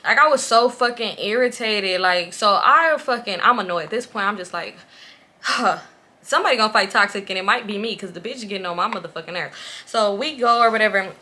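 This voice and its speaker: Bright-voiced woman telling a profane story. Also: medium pitch, a little fast. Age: late 20s. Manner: profane, animated, expressive storytelling. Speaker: vlogger. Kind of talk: casual storytime.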